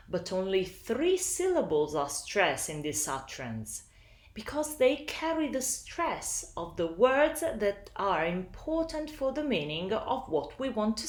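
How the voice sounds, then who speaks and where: Slow, lively woman teaching. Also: mid-range voice, reverberant. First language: Italian. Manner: slow, deliberate teaching delivery. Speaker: English teacher. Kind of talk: recorded lesson narration.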